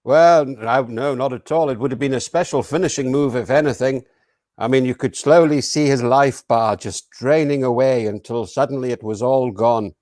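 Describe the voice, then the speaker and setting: A man's voice: medium pitch, moderate pace, darkish tone, no room sound, studio quality. A man in an improv guessing game, flustered and stammering through his denials. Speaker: improv performer.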